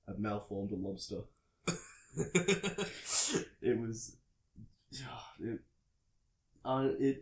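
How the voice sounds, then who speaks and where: A man's voice: lowish voice, warm tone, reverberant, rough recording. An Australian man hosting a casual chat, telling rambling stories full of fillers. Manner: rambling storyteller, full of "like" and "bloody". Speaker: podcast host. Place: indoors at a friend's home.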